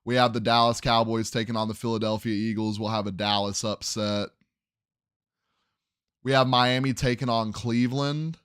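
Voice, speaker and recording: A man's voice: mid-range voice, fairly even intonation, normal speed, a bit bright, smooth, no echo, studio quality. A young man hosting a sports podcast, casually running through game predictions and thinking aloud as he second-guesses his picks.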